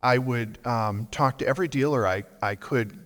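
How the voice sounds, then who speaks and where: A male collector speaking on a panel, measured and explanatory, stopping to explain terms. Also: medium pitch, a bit bright. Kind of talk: panel discussion. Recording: long reverb of a large hall.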